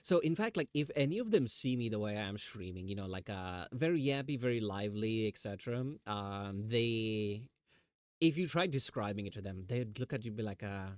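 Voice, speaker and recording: A man streaming from home, chatting casually and telling animated stories, sometimes mimicking other people's voices. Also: lowish voice, fairly quick, no room sound, clean studio sound. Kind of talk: casual chat.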